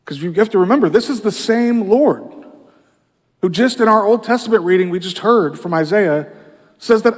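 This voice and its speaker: A man's voice: sits high, expressive, normal speed, long reverb tail. A man preaching a sermon in a conversational way, often saying "you know", recorded in a church. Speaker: pastor.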